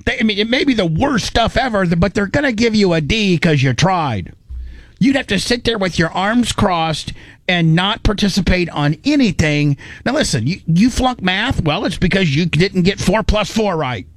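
A man's voice: sits high, animated, moderate pace, no echo. Blunt, rambling male host. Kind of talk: casual chat.

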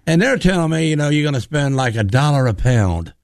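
A man tells a long, animated story on a talk radio show, slipping into the voices of the people he quotes. His voice sits slightly high for a man. The studio sound is dry and close. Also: a little fast, vocal fry, dry recording.

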